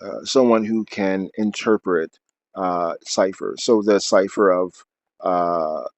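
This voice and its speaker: A man's voice: low voice, takes it slowly, slight background noise. A man reading aloud from his book, then explaining at length off the cuff with many fillers and restarts.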